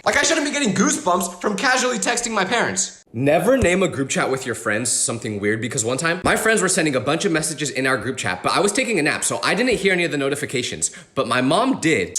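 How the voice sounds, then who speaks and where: A young man telling funny personal stories in a comedic, exaggerated way, acting out the people he quotes. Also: a little high. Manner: animated, exaggerated outbursts and voiced quotes. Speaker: storytelling creator. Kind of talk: comedic storytelling.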